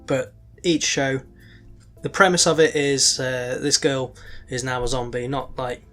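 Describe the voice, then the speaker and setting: A man co-hosting a podcast, talking in a loose, halting way full of ums and restarts. His voice sits at an ordinary pitch, and faint music plays underneath. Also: fairly even intonation, a bit bright. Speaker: podcast co-host. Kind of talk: casual chat.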